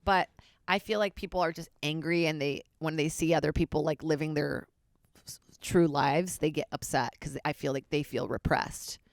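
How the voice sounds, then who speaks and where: A woman's voice: sits low, fairly even intonation, normal speed, no room sound, clean studio sound. A woman comedian chatting as a podcast guest, candid and rambling, joking frankly. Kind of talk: casual podcast chat.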